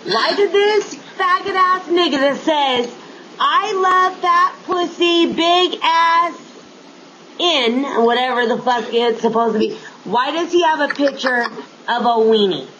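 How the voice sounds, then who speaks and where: A mother on a video call, scolding someone in a loud, profane rant. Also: high voice, lively intonation, slow pace. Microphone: webcam mic on a video call. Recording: muffled noisy video chat audio.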